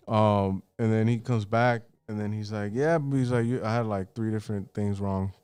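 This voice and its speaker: A man's voice: medium pitch, fairly even intonation, brisk, hardly any pauses, darkish tone, clear, resonant tone, dry recording. A man casually telling a personal story on a podcast, loose and profane, acting out what his relatives said.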